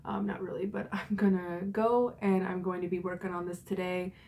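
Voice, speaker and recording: A woman's voice: lowish voice, little pitch movement, moderate pace, darkish tone, a little hiss or hum. A young woman in her twenties telling a story in a casual vlog, chatty and frank, with lots of fillers and swearing. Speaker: vlogger.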